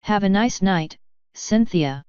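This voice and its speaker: A woman voicing a calm, contemptuous male courtier who speaks in a cutting tone. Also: mid-range voice, takes it slowly, clean tone, dry recording, muffled recording. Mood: cold.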